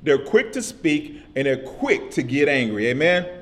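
Casting: male pastor with a high voice, casual vernacular, repetitive call-and-response sermon delivery. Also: big pitch swings, unhurried, a bit bright. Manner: repetitive call-and-response preaching with frequent "amen?".

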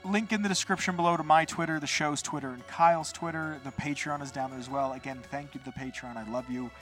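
A man hosting a podcast, telling a rambling, animated story in a casual monologue with some swearing. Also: fairly high pitch, quick pace, faint music behind. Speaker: podcast host.

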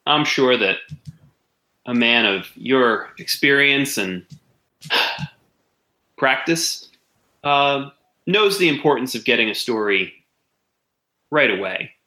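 A man's voice: medium pitch, animated, takes it slowly, pauses often, sharp tone, echoey room, low-quality recording. A man voicing a stern middle-aged police detective in a tabletop game, polite but firm.

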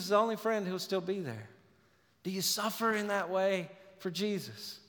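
Male pastor, higher voice, earnest sermon delivery, long reverb of a church hall. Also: lively intonation, normal speed. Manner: earnest preaching, swinging from loud urgency to hushed tenderness.

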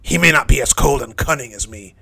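A man's voice: lively intonation, fairly quick, creaky, bright, forceful tone, full character voice. A man performing a dramatic first-person monologue as a hardened, bitter thief dying on a cross, brooding and cynical. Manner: brooding, cynical, low-key.

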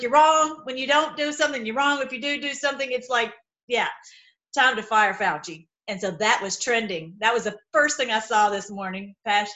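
A woman's voice: mid-range voice, bright, forceful tone. A woman chatting casually to her viewers in a rambling way, often breaking into laughter. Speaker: political video blogger. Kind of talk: casual to-camera chat.

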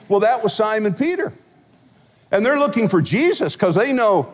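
A male pastor preaches with lively, humorous storytelling, his voice pitched a little high. It rings with a long reverb through a large church sanctuary. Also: normal speed. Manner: animated, humorous storytelling with big swings in loudness. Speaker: senior pastor. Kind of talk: sermon.

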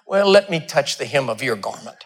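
A man's voice: very animated, a little fast, slight background noise. A man preaching a sermon, telling stories and acting out the dialogue with big swings in his voice. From Texas. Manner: storytelling, acting out dialogue with wide swings in pitch.

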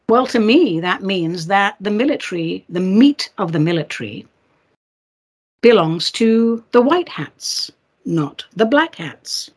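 Husky, theatrical woman hosting a monologue. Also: mid-range voice, a little mellow. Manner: chatty and theatrical, with sarcastic asides and giggles. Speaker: podcast host. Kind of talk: casual monologue commentary.

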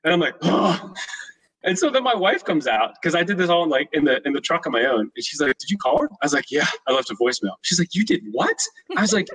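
A young man telling stories as a guest in a casual interview, animated and acting out the voices of people in his stories. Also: a little high, fast, hardly any pauses, recorded from a distance, low-quality recording. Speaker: podcast guest, short-term rental host.

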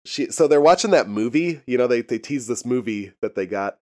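A podcast host recaps a TV episode in casual chat, rambling along, laughing a lot and swearing frequently. His medium-pitched voice is expressive and brisk.

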